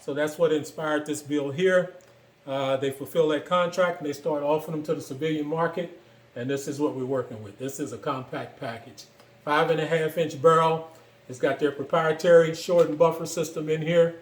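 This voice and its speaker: A man with a slightly raised voice talks through his gear in an easy, unscripted way, trailing off and filling gaps as he goes. The room around him rings with a noticeable echo. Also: a little high. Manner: relaxed, rambling, many fillers and pauses. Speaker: gun enthusiast showing his builds. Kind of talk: casual product walkthrough.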